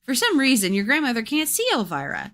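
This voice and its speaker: A playful young woman chats casually and reads a spooky storybook aloud on a stream. Her voice is lively and swoops up and down as she talks. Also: high voice, fairly quick. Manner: chatty, playful, breaks off to coo at her cats. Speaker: livestream host reading a book aloud.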